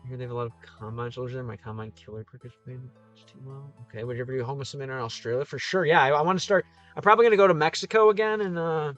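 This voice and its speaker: Rambling male streamer over faint music. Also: medium pitch. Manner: rambling, self-interrupting, easygoing. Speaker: YouTuber streamer. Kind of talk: casual livestream chat reading comments. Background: faint game soundtrack music.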